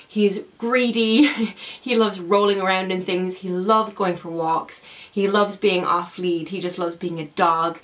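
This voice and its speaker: A young woman talks casually to her camera in a chatty, affectionate vlog. Her voice sits at a middling pitch, and she laughs easily between sentences. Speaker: vlogger.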